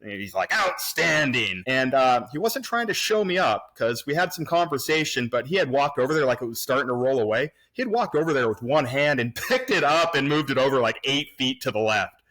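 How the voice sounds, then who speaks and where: A man in his forties talks with a bright, forward tone, mid-range in pitch. He rambles casually, full of fillers and restarts, as a guest on a remote podcast. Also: expressive, brisk, few pauses. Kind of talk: casual reminiscing conversation. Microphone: remote recording.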